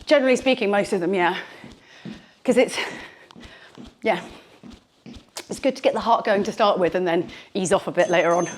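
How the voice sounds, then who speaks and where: Leading a bodyweight routine, a female instructor coaches with chatty, humorous encouragement, breathing a bit hard, her mic clipped to her t-shirt. She speaks at medium pitch and a normal speed, leaving long pauses.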